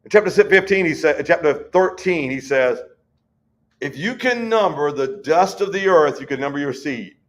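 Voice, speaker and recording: A man teaching a Bible study, folksy and conversational, reading scripture slowly. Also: fairly high pitch, expressive.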